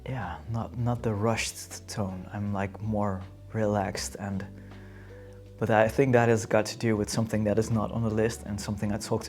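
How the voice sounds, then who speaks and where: A young man speaks English with a Dutch accent in a low, gravelly voice. He talks casually to camera, halting often as he searches for the right word. His delivery is unhurried and plain. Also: a little mellow. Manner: hesitant, halting, searching for words. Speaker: vlogger.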